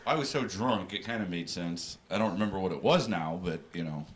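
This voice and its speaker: A man who is a comedian guest on a radio talk show, bantering and wisecracking loudly. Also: a little fast, slight background noise. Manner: wisecracking and loud, pitch swinging widely. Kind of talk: casual banter.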